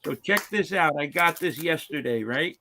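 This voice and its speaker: Gravelly, bright-voiced chatty man. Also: on the high side, expressive, moderate pace, a little hiss or hum. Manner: chatty, explains at length. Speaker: live stream co-host. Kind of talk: casual live stream chat.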